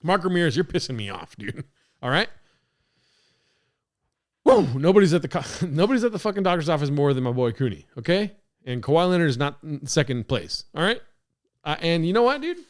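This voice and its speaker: A man hosting a podcast livestream from his apartment, rambling, swearing and laughing as he reads chat comments. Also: a little high. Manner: rambling, profane, laughing a lot. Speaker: podcast host. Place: home apartment studio. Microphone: podcast mixer setup.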